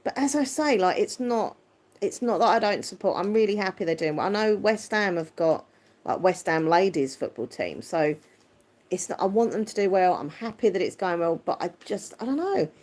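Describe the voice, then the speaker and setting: A woman hosting a casual livestream, chatting and answering viewer comments. Her voice is squeaky yet deep, and her manner is chatty and quick to laugh. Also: animated, a little mellow. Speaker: livestream host. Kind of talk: casual live chat, reading viewer comments.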